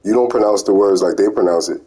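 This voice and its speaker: Man, casual chat, slangy and laid-back, low voice, warm and husky. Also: fast, low-quality recording. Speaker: conversation partner.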